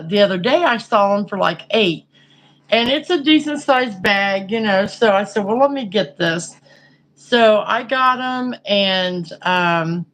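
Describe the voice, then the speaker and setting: A woman's voice: on the high side, fairly bright tone, low-quality recording. A woman chatting casually and frankly, rambling through a story with lots of fillers. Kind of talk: casual chat.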